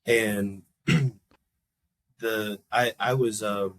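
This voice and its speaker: A man's voice: fairly low pitch, very slow. A young adult man, a podcast guest, telling a long personal story in a loose, rambling way and acting out the people in it with a raised voice. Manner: animated storyteller, acts out quoted people in a raised voice; loose, rambling talk with many restarts. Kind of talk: casual storytelling interview.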